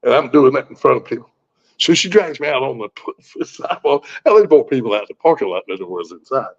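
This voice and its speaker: A fast-talking man in his sixties, medium-pitched with big swings in pitch, tells a personal story as a guest in a blunt, folksy way. He swears freely and keeps restarting his sentences, and the recording is muffled and lo-fi.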